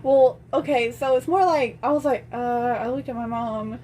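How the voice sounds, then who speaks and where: Young woman vlogging, kinda high voice, chatty storytelling, little bit of background hiss. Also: normal speed, darkish tone. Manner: chatty, retells scenes with lots of "and I'm like". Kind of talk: casual storytelling.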